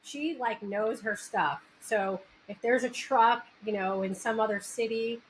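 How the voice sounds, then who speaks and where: Animated New York Italian woman host. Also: on the high side, a little slow, poor audio. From New York area. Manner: animated, self-interrupting, restarts sentences. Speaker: podcast host. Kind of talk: casual interview chat. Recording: faint background noise, backup mic.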